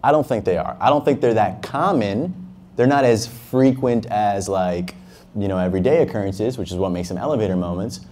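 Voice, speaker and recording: Low, mellow-voiced man telling motivational stories. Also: brisk, a little hiss or hum. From Harlem, New York. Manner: emphatic, motivational storytelling with casual swearing. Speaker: entrepreneur, interview guest. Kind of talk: fireside chat.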